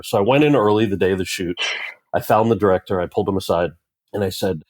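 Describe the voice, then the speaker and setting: A low-pitched man in his forties tells a story in an interview and acts out the lines of the people he met. He sounds relaxed and talkative. The recording is close and dry, with no room sound. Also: quick pace, no room sound. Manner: animated anecdote-telling, quoting others in character. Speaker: actor and author, interview guest. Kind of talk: conversational storytelling.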